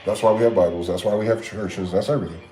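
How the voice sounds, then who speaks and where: A man's voice: on the low side, steady tone, fast talker, mellow. A man giving a rambling, profane late-night monologue, full of repeated phrases and rhetorical questions, in a slangy casual way of talking. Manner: talks in a casual slangy way, says "y'all" and "bro". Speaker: solo streamer. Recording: clear background noise with passing vehicles.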